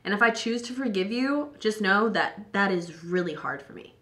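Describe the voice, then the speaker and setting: Young woman vlogger, tipsy and slightly hoarse, bright-voiced, chatty and profane. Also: mid-range voice, expressive, normal speed. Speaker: beauty vlogger. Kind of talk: tipsy casual chat while doing makeup.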